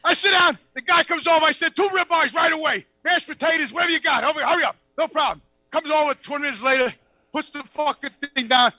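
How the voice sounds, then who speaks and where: A man telling a profane, animated story on a podcast and acting out the dialogue. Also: very high voice, fast talker, dry recording, low-quality recording. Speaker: podcast guest. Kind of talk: casual storytelling.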